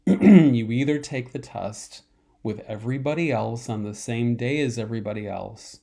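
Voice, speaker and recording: A man teaching a college math lecture in a slow, repetitive way, often clearing his throat and coughing from a dry throat. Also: mid-range voice, dark tone. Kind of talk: recorded online lecture.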